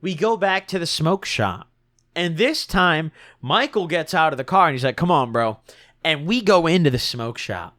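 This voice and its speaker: A young man telling a storytime vlog in an animated, slangy and profane manner. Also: a little high, normal speed. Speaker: vlogger.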